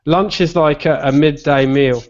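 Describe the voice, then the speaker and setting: A man's voice: on the high side, fairly even intonation, unhurried, a little mellow. A man with a Buckinghamshire accent co-hosting a stream, chatting casually and swearing freely as he tells jokey stories. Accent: Buckinghamshire English. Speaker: stream co-host. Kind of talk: casual chat. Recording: slightly muffled stream audio.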